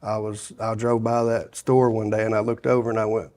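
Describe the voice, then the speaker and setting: Low-voiced man telling his story. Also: level tone, brisk, darkish tone, slight background noise. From Sevier County, Tennessee. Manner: rambling storyteller, many restarts and "you know". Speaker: guest sharing his testimony. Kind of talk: casual testimony interview.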